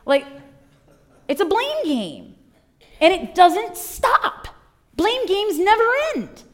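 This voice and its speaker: A woman in her thirties or forties preaching a sermon, telling the story with lively asides and acted-out voices. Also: very high-pitched, slow. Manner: animated storytelling, acting out voices.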